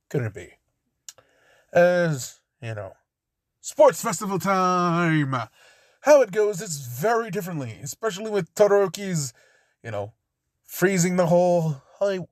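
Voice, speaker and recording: A man casually improvising a fan story, rambling, filling pauses with fillers and swearing now and then. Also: sits high, dry recording, clean studio sound.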